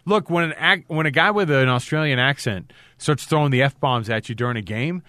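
A man's voice: mid-range voice, fairly quick, pushed and bright, no echo, studio quality. A man hosting a casual sports talk show, rambling a bit and retelling what players said. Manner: rambling, restarts and quotes players. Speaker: sports radio host.

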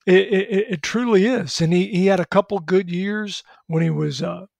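A man analyzing college football in a measured way on a sports talk show, citing details and history. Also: high voice, gravelly, darkish tone, dry recording.

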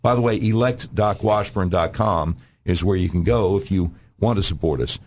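A man guesting on a radio talk show as a candidate, making an emphatic campaign pitch and often clearing his throat. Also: moderate pace, darkish tone.

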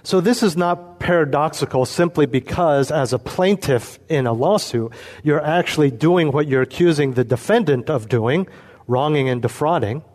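Man, pastor, expository sermon, emphatic, measured delivery. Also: a little high, darkish tone. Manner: earnest, emphatic, slows down for emphasis.

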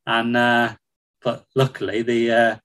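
A man's voice: medium pitch, monotone, measured pace, fairly bright tone, poor audio. A man chatting casually about football on a podcast, with many ums and restarts and frequent laughs. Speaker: football reporter.

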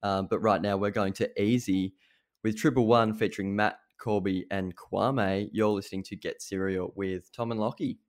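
A young Australian man co-hosts a radio show in easygoing, upbeat chat. His voice is a touch low, and he leans on fillers as he thinks aloud. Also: steady tone, moderate pace. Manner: upbeat, laughs easily, filler-heavy. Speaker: radio co-host.

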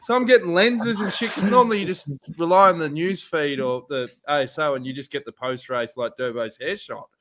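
A man hosting a podcast, telling animated stories with lots of swearing and laughter. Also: fairly high pitch, brisk, hardly any pauses. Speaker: podcast host. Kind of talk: casual chat, storytelling.

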